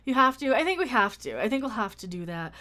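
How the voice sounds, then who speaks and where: A woman's voice: fairly high pitch, very animated, fast. A woman hosting her own livestream in casual chat, talking freely with many restarts and thanking viewers by name. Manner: chatty, thanks viewers warmly, frequent restarts. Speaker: YouTube channel host.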